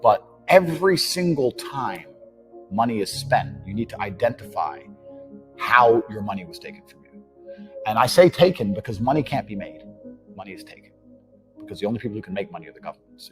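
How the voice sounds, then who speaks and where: A man giving a motivational monologue about money, blunt and brash, swearing freely and acting out the people he quotes. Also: mid-range voice. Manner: brash, blunt and profane, acts out quoted dialogue. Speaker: entrepreneur speaking on money.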